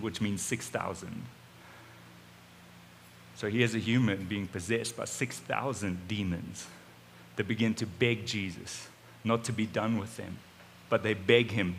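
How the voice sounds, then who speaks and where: A man preaching, retelling a story in the first person in an animated way, with sudden swings in loudness. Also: medium pitch, moderate pace, a little hiss or hum. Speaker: pastor. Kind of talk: storytelling sermon. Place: church auditorium.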